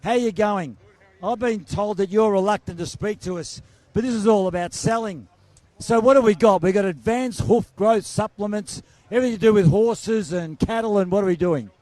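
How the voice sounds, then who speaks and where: A man's voice: high voice, normal speed, mellow, no echo. A man hosts a trade night, strolling between stands and chatting jovially with exhibitors while his voice wears thin. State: voice wearing thin. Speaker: roving event host. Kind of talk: casual roving interview. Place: trade show floor.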